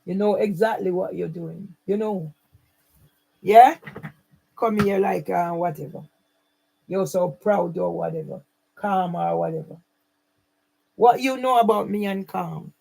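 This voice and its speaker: A woman who runs her own channel rants straight to camera, angry, accusing and repetitive. Her voice is fairly low and mellow with vocal fry, unhurried and full of pauses, and the audio quality is poor.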